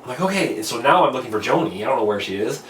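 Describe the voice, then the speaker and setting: A man spins a rambling, profane ski story at an ordinary pitch, jumping into the voices of his own past reactions. He sits a little back from the mic in a roomy, echoing space. Faint noise hums under the talk. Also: expressive, rapid-fire, a bit bright, far from the mic. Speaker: podcast host telling a story. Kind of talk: casual storytelling over beers.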